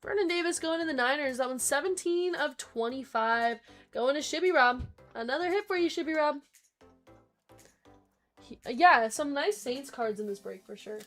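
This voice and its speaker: A young woman hosting a live card break stream, quickly reading off player names and chatting with viewers. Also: high-pitched, fairly bright tone. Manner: rapid listing of names, chatty asides to viewers. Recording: faint background music.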